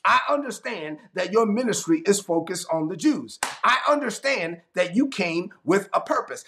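A man preaching voices a desperate foreign mother pleading for help, his voice rising to shouts. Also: sits high, creaky, a little hiss or hum, pitched above the performer's own voice, full character voice.

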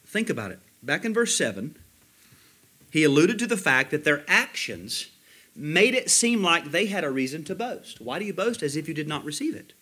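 A man preaching a sermon as pastor, slowing down to stress key words and quoting commentators. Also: a little high, big pitch swings, bright, forceful tone, husky. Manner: emphatic, slows down to stress words, quotes commentators.

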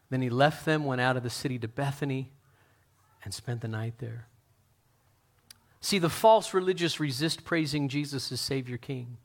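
A pastor preaching a sermon, talking straight to his congregation, swinging from loud fervent peaks to soft hushed lines. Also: mid-range voice, normal speed. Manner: talks straight to the congregation with questions.

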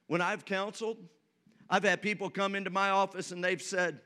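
A man's voice: high voice, brisk, pushed and bright. A man preaching a sermon as pastor, leading the congregation in call-and-response and telling light stories.

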